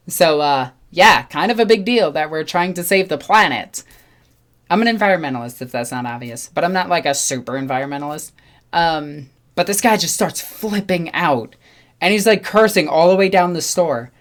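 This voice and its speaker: A woman's voice: lowish voice, moderate pace. Young woman telling a casual story. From New York. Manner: animated, acts out other people's lines. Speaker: channel host.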